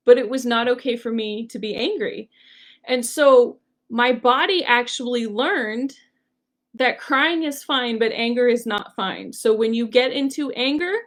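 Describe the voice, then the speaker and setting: Woman, podcast host, solo monologue, slightly high voice, earnest and chatty. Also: a bit bright. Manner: earnest, conversational, frequent "like" and "um".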